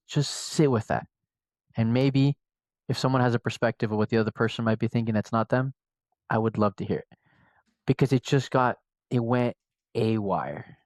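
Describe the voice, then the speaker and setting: A man co-hosting a podcast, telling a story in casual chat with an animated, slangy delivery. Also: medium pitch, dry recording. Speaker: podcast co-host.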